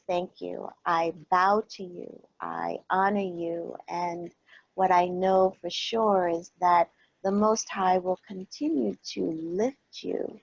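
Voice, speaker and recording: A woman guest who is a calm coach, speaking gently and earnestly with spiritual blessings. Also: fairly low pitch, gravelly, slightly rough, dry recording, dull audio. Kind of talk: casual talk show chat.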